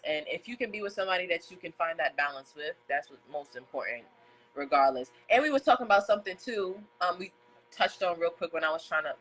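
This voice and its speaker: A woman hosts a casual podcast chat in a bright, forceful voice. She talks earnestly and stacks repeated phrases to drive her points home. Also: fairly low pitch, low-quality recording. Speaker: podcast host. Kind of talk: casual conversation. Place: indoor room with a fan.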